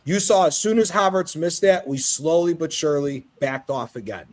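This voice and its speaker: A fairly high-voiced man hosts a football chat with lively, casual energy. He curses freely and picks apart the play. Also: normal speed. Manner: animated, swearing, quotes others in acted voices. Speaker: host.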